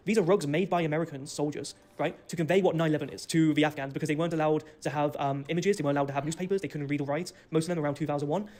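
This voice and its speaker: Rapid-fire boastful male storyteller. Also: a little high, darkish tone. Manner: rapid, boastful, ranting delivery. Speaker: storyteller in a played video. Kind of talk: fast first-person storytelling.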